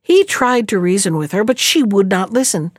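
A woman reading a fairy tale aloud in an expressive, unhurried storytelling manner. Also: mid-range voice, no room sound, clean studio sound.

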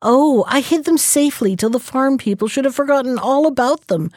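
A woman voicing a sly, scheming male jackal in a storybook, smooth and evasive. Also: sits high, lively intonation, brisk, darkish tone, dry recording, studio quality, pitched above the performer's own voice.

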